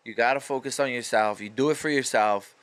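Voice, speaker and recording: Guy going off on a solo podcast, swearing a lot, bright crisp voice, slangy and pumped. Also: medium pitch, fairly quick. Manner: profane, fired-up motivational rant; casual street slang. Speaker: podcast host.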